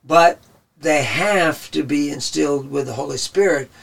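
Gravelly man teaching scripture off-mic. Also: on the high side, a little slow, a bit bright, distant mic. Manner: rambling, conversational. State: losing his voice. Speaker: Bible teacher. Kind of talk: casual Bible teaching.

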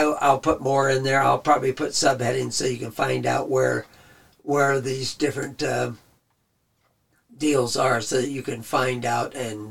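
Gravelly man teaching scripture off-mic. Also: mid-range voice, a bit bright, recorded from a distance. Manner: rambling, conversational. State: losing his voice. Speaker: Bible teacher. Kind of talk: casual Bible teaching.

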